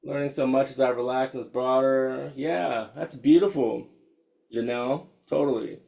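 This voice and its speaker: A man's voice: medium pitch, steady tone, normal speed, creaky, mellow. A man, a meditation teacher talking casually and candidly and laughing often as he reads out attendees' comments over a video call. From United States. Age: 50s.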